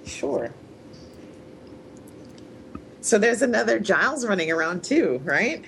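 A woman's voice: mid-range voice, big pitch swings, moderate pace, vocal fry, fairly bright tone, slight background noise. A woman co-hosting a podcast in casual chat. She is chatty, asks questions and laughs easily. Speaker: podcast co-host.

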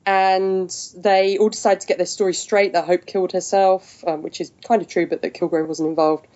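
A woman's voice: lowish voice, steady tone, moderate pace, a little mellow. A British woman co-hosting a casual podcast, recapping a TV episode and laughing often between remarks. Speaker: podcast co-host. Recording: slightly muffled lo-fi audio.

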